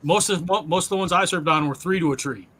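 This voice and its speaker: A man's voice: on the high side, fast talker, fairly bright tone, slightly rough, rough recording. A man talking casually on a livestream, recalling his Navy service and reciting shipboard announcements. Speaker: Navy veteran co-host. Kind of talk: casual chat.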